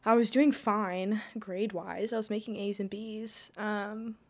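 A woman's voice: medium pitch, steady tone, measured pace. A young woman telling her personal faith story in casual conversation, rambling with lots of "like" and restarts. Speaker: guest.

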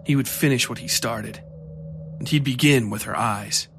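Male narrator, horror podcast, steady mid-range storytelling over soft music. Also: mid-range voice, moderate pace.

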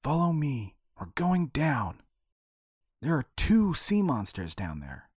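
A man voicing a brave, quick-thinking young girl who talks with urgency, in audio fiction. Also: a little high, wildly swooping pitch, darkish tone, breathy edge, no room sound, clean studio sound, voice pushed up, exaggerated voice. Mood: urgent.

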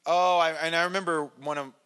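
A man's voice: fairly high pitch, steady tone, fairly quick, bright, forceful tone, smooth. A man preaching a casual, conversational sermon to his congregation, self-deprecating and full of restarts and acted-out quotes. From Irish family background. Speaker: pastor.

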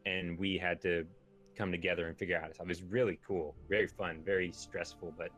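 A man's voice: sits low, steady tone, brisk, fairly bright tone, faint music behind. A young man chatting as a guest, talking loosely with lots of filler words. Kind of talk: casual chat.

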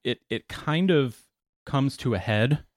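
A man's voice: medium pitch, slow pace, no echo, clean studio sound. A man co-hosting a casual talk show, easing into a new topic and introducing a clip. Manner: relaxed, sets up topics and clips. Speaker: podcast co-host. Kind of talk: casual chat.

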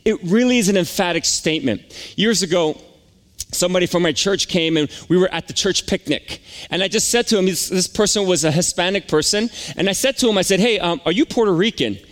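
A man delivering a sermon in a slightly higher voice than most men. He preaches in an emphatic, conversational way and keeps turning to the congregation with rhetorical questions. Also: brisk. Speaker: pastor.

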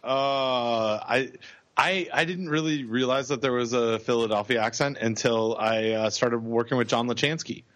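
Middle-aged man telling lively anecdotes. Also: mid-range voice, moderate pace, no echo. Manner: animated anecdotes with acted-out quotes. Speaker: podcast co-host. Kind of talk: casual chat, storytelling.

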